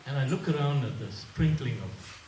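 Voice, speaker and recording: A man's voice: mid-range voice, normal speed, darkish tone, a little hiss or hum. An older man from South Africa giving a humorous, storytelling speech as a family elder at a wedding reception. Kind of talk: after-dinner speech with anecdotes. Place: reception hall. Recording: echoey hall, mic from far off.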